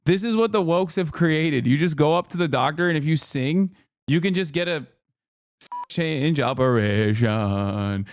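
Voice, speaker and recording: Sarcastic streamer guy, crisp voice. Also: fairly high pitch, a little fast, dry recording. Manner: sarcastic, animated, laughs often, repeats himself. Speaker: streamer reacting to clips. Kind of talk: casual live-stream commentary.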